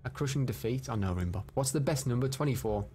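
Excitable man streaming his gameplay. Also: mid-range voice, quick pace, faint music behind. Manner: excitable, swings into loud frustrated outbursts; chats to viewers and reads out their comments. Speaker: live streamer. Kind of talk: live gameplay commentary.

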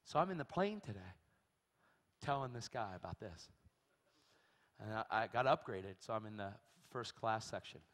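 Lively man preaching in a reverberant hall. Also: on the low side, moderate pace, pauses often. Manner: animated storytelling, acts out voices, shrieks in quotes. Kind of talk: sermon. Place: large church hall.

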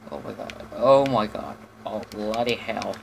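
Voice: mid-range voice, measured pace, creaky, background noise. A gamer giving casual, jumpy commentary on his own play, with lots of swearing, panicked yelps and idle humming. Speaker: lets-play host.

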